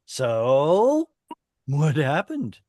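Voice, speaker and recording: A man's voice: a little high, wildly swooping pitch, extremely slow, a little mellow, no echo, studio quality. A man teaching a Hebrew class over a video call, explaining rules step by step and quizzing the students as he goes. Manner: patient, explains step by step, asks the class questions.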